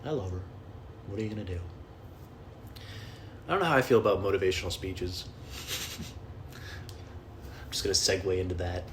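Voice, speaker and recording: A man's voice: deep voice, moderate pace, long pauses, a bit bright, slight background noise. A young adult man hosting a solo podcast from his home, rambling, cursing and making fun of himself as he jumps from topic to topic. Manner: self-deprecating, profane, jumps between topics. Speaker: podcast host and comedian. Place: at home indoors.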